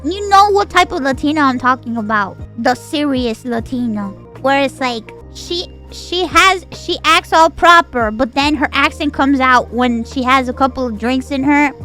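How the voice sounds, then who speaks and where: Giggly, dramatic woman streamer with a high voice, chatting casually over faint music. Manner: animated and giggly, with dramatic outbursts. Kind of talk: casual livestream chat.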